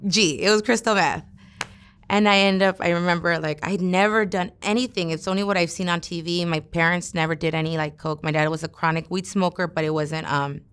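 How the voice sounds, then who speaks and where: A woman's voice: lowish voice, fairly bright tone, smooth. A young woman from the Los Angeles area, telling her own story as an interviewee in a casual, profane way, full of "like". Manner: casual, profane, heavy use of "like". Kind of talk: candid personal storytelling.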